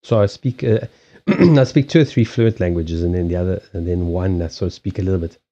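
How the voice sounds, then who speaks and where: A man's voice: deep voice, dark tone, muffled recording. A man from Africa hosting a casual live stream, chatting with viewers and often restarting sentences. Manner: chatty, halting restarts, answers viewer chat. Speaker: live-stream host and card reader. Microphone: streaming setup.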